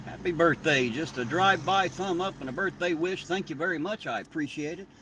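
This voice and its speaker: A southern Ohio man with a drawl and a rather high, fairly quick voice chats folksily on a live stream as he drives after dark. He's relaxed and wanders from topic to topic, and a distant mic picks up faint road noise.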